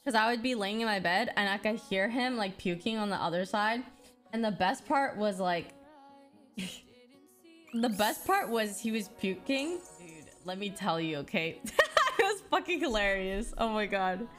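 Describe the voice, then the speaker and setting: A woman's voice: mid-range voice, animated, fairly bright tone, soft background music. A woman telling a funny story in casual chat, giggling and saying "like" a lot. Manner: giggly, fast, filler-heavy with lots of "like".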